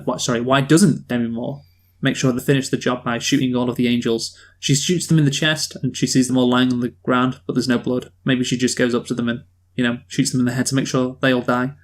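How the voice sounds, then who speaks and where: A man's voice: mid-range voice, steady tone, brisk. A man co-hosting a podcast movie review, wry as he works through his list of complaints. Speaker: podcast co-host. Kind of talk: casual chat.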